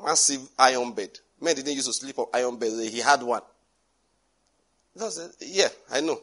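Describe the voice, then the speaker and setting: A man's voice: mid-range voice, moderate pace. A man preaching a sermon, animatedly acting out scenes and dialogue. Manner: animated, acts out dialogue with shifting voices and laughs.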